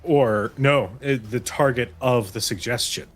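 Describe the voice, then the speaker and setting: A man's voice: mid-range voice, unhurried, soft background music. A man acting as game master, explaining the rules and thinking aloud as he rules on a spell. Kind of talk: running a tabletop game.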